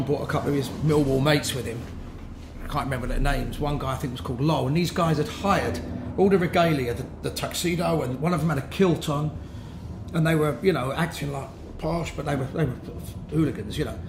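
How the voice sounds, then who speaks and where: A man telling rambling, laughing stories with many restarts. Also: on the high side. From London. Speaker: musician, interview guest. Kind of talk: casual anecdotal storytelling. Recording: roomy with faint background noise.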